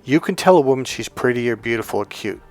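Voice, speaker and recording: A man's voice: medium pitch, animated, fast, faint music behind. A man who works as a dating coach, talking bluntly and swearing freely as he tells stories about his clients. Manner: blunt, profane storytelling with acted quotes. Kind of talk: casual coaching monologue.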